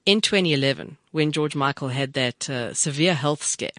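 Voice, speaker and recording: Easygoing male co-host, slightly high voice. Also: moderate pace, fairly bright tone, dry recording, studio quality. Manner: easygoing, backs up the host with short agreements. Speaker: radio co-host. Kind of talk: casual radio chat.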